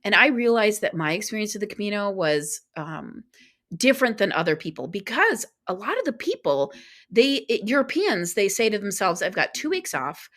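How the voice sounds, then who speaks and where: Animated woman telling a travel story. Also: medium pitch. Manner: animated, acts out quoted dialogue; talks in quick bursts with restarts. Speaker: podcast guest. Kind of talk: casual storytelling in an interview.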